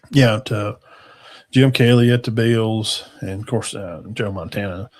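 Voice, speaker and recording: A man's voice: fairly low pitch, darkish tone. A man, hosting a casual football talk show in a rambling, folksy way that trails off into mumbles. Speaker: sports talk show host.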